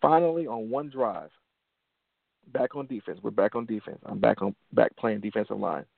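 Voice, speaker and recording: A Detroit man in his forties hosts a motivational show, earnestly sharing a personal story and repeating phrases for emphasis. His voice sits fairly low with some vocal fry, and he speaks at a moderate pace. The audio is dry, with the sound of a phone line.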